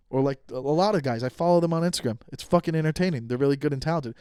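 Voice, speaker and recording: A man in his thirties tells a long personal story on his podcast. He swears freely and acts out his own quotes with energy. His voice sits a little high and comes across dry and close. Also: very fast, few pauses, mellow, clear, resonant tone, no room sound. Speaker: podcast host. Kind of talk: casual storytelling monologue.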